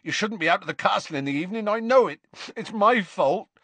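A man's voice: sits high, animated, a little fast, a bit bright, no room sound, pitched above the performer's own voice, heavily acted. Hagrid, a man doing a tearful giant gamekeeper. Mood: emotional. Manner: rough rustic dialect speech, choked with tears. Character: huge grieving gamekeeper man, soft-hearted, tearful.

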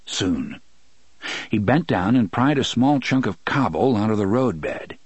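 A man narrating a novel as an audiobook, expressive and switching voices for characters. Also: medium pitch, normal speed, husky, dry recording. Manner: expressive storytelling, many voices. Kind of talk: scripted narration.

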